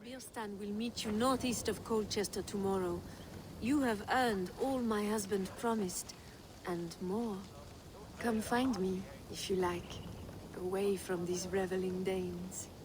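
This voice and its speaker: A woman's voice: mid-range voice, fairly even intonation, unhurried, noisy background, natural voice. A woman with a French accent voicing a wistful Frankish noblewoman in a video game, speaking in a tender, dreamy way.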